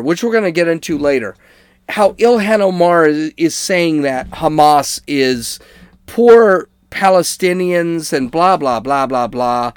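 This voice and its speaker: This political commentator has a high male voice, captured at studio quality with no room sound. He discusses the news in a relaxed, conversational way, restarting sentences, using fillers, fixing his own wording, and tossing out "okay?" to his audience.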